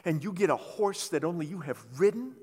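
A man's voice: sits high, lively intonation, a little fast, warm tone, breathy edge. A man voicing a vain, scheming royal official who speaks smugly, recorded in a reverberant hall. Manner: smug, self-assured.

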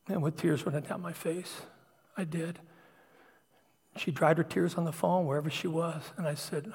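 A middle-aged male pastor shares a raw, confessional story from the pulpit, his voice slightly husky and a touch higher than most men's. He sinks to near-whispers and then swells louder as emotion takes him. The sound rings with a long reverb from a large church hall. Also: fairly even intonation, moderate pace. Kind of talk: personal testimony sermon.

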